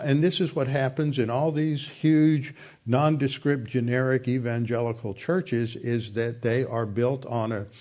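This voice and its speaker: A man giving a Bible study lecture, explaining in a measured way with occasional hesitations. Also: mid-range voice, mellow. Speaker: Bible teacher.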